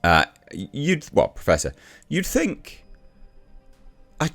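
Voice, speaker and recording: A man's voice: fairly high pitch, huge pitch swings, slow pace, gravelly, fairly bright tone, faint music behind. A man giving a blunt, exasperated casual review rant, with frequent restarts and swearing.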